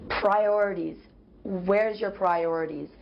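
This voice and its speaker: A woman's voice: mid-range voice, steady tone, slow pace, gravelly. A woman confronting a roommate, lecturing her about responsibility and priorities. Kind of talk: heated confrontation. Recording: dull lo-fi clip with faint noise.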